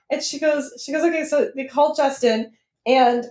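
Young woman, podcast co-host, animated, foul-mouthed storyteller, slightly high voice, echoey room. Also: normal speed. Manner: animated storytelling, swearing freely. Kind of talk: casual chat.

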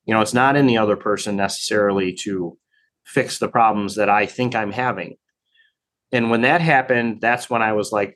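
A man talking in a relaxed interview as a training program director, thoughtful and full of fillers and restarts. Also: on the low side, normal speed. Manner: reflective, many fillers and restarts. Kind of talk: casual conversation.

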